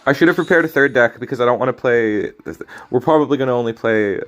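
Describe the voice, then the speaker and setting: A man's voice: medium pitch, fast talker, fairly bright tone. A man casually commentating his own card game stream, rambling and joking, often cutting himself off and apologizing. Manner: rambling, jokey, self-interrupting, apologetic. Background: faint game music.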